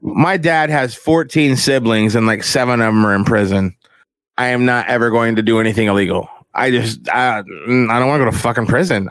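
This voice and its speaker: A man's voice: brisk, fairly bright tone, no echo. A young man talking in a crude, rambling, profane casual chat. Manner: crude, rambling, profane, mimics others in high voices.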